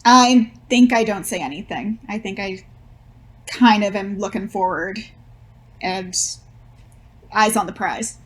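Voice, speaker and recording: A woman's voice: mid-range voice, slow pace, pauses often. A woman playing a tabletop game, weighing her options aloud. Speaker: player.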